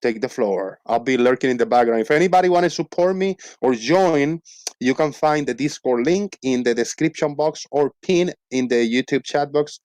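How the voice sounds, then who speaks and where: A man's voice: mid-range voice, animated, normal speed, darkish tone, no echo. A man hosting a casual live voice-chat stream, reading out poll results with playful emphasis. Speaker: host.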